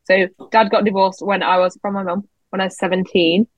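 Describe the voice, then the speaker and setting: A woman's voice: mid-range voice, flat delivery, fairly quick, no room sound, poor audio. Dry-sounding woman in her twenties. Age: 20s. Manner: reflective, articulate, dry humour. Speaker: podcast co-host. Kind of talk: casual chat.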